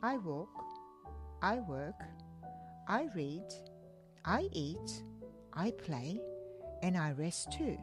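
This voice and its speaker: A woman's voice: lowish voice, big pitch swings, drawn-out words, long pauses, music in the background, exaggerated voice. A woman reading the part of a restless, cheeky monkey who asks questions with eager curiosity. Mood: curious.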